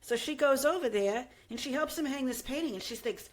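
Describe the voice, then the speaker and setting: A woman's voice: high-pitched, animated, a little fast, few pauses. A young adult woman co-hosting a podcast, casually retelling a true crime story and acting out the quotes. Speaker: podcast co-host.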